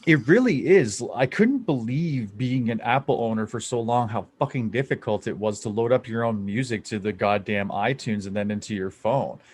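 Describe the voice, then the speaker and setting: A young adult man from Canada hosting a podcast, talking in an excitable, rambling way and swearing freely. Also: mid-range voice, normal speed, few pauses, breathy edge. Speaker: podcast host. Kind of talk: casual podcast chat.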